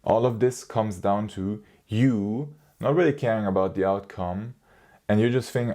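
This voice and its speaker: Brief: young male advice vlogger, low and mellow, blunt and foul-mouthed. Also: a little slow. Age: young adult. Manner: blunt and profane, slangy. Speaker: dating advice youtuber. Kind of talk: casual advice monologue.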